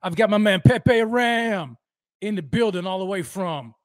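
A man hosting a fan livestream, energetically shouting out viewers by name and talking about how fired up he is. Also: high voice, expressive, a little slow, no echo, clean studio sound. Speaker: host of a fan livestream show. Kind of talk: energetic live-stream roll call.

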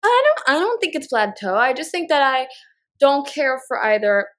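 A woman co-hosting a podcast in casual chat, rambling with lots of filler words and getting animated when she retells a scene. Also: high-pitched, moderate pace. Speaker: podcast co-host.

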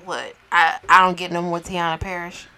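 A woman co-hosting a casual podcast, tossing in quick reactions and playful quips. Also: on the low side, level tone, pushed and bright. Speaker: podcast co-host. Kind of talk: casual movie review chat.

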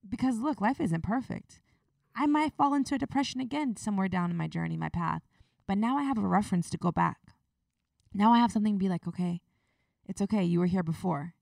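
A woman's voice: medium pitch, vocal fry, a little mellow, no echo, clean studio sound, far from the mic. A woman hosting her podcast, talking earnestly and confidingly in a personal, motivational monologue. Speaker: podcast host.

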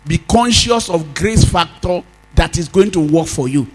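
A man's voice: fairly high pitch, lively intonation, unhurried, low-quality recording. A Nigerian man preaching a sermon as pastor, leading call-and-response and drawing out sung phrases.

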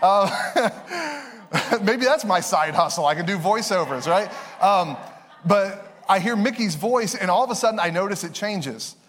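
A young pastor delivers a sermon in a relaxed, conversational style, drifting from scripture into quick personal asides. His voice is a little high for a man, a long hall reverb follows each phrase, and there's slight background noise.

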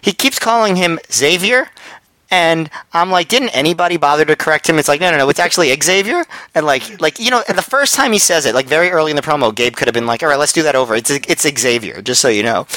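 Bright-voiced rambling man. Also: a little high, no room sound, rough recording. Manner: rambling, hesitant, many fillers. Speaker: podcast co-host. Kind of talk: casual chat reviewing wrestling.

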